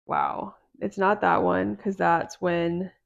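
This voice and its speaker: A woman's voice: lowish voice, flat delivery, slow pace, vocal fry, lo-fi sound. Chatty woman retelling a book's plot. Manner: chatty, retells scenes with quoted dialogue. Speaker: podcast co-host. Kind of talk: casual book discussion.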